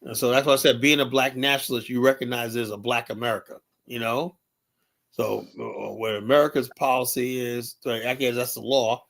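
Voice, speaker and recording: A man with a New York accent rambles through a casual opinion chat as host. He keeps looping back with "you know" and stays animated. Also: mid-range voice, a little fast, vocal fry. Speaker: show host.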